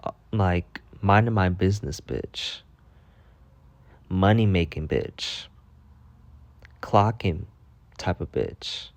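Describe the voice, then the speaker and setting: A man telling a storytime vlog in a casual, profane, animated rant, repeating himself for emphasis. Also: deep voice, takes it slowly, pauses often, no room sound. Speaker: vlogger.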